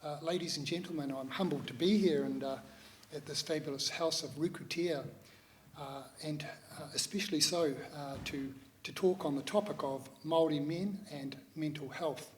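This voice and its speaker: A man in his sixties with a New Zealand accent, giving a measured, reflective talk to an audience, pausing often. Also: on the high side, a little hiss or hum. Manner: measured, reflective, with many pauses and hesitations. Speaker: speaker at a public talk.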